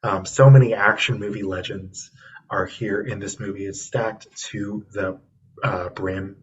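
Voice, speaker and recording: A man's voice: on the low side, fairly even intonation, a little slow. A man co-hosting a podcast in casual chat, talking enthusiastically and rambling with lots of ums and restarts. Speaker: podcast co-host reviewing films. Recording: distant, dull lo-fi mic with faint noise.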